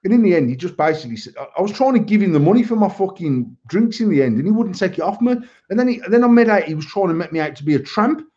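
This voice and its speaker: This podcast host speaks very fast in a high, warm voice with lively intonation, barely pausing at all. During his live chat show he launches into a sweary, worked-up rant, storytelling in a casual live-stream way. Sound quality is lo-fi and a bit muffled.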